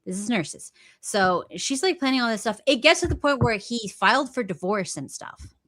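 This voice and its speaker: A woman co-hosting a podcast, telling a story in a casual, gossipy, animated way and talking back sharply. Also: on the high side, normal speed. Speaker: podcast co-host.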